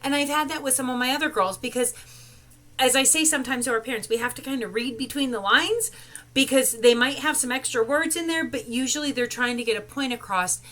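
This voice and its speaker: Brief: woman therapist, bright and forceful voice, earnest and emphatic. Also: high-pitched, a little fast. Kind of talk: casual web chat.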